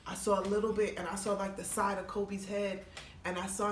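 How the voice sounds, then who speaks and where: Guesting on a podcast, a comedian with a medium-pitched voice talks briskly through a long, profane anecdote, animatedly voicing each person in it. Faint noise and a roomy, far-off mic mark the audio.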